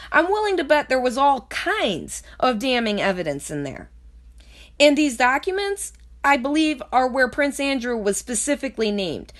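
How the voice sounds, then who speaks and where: A woman with a lisp reading news articles aloud and breaking in with skeptical, sarcastic commentary. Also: a little high. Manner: skeptical, sarcastic asides between read passages.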